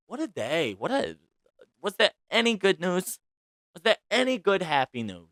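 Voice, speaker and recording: A man's voice: medium pitch, very animated, measured pace, long pauses, no room sound. Chatty dramatic man hosting a gossip podcast. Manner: chatty and dramatic, swings loud and soft. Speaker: podcast host. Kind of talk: casual celebrity gossip chat.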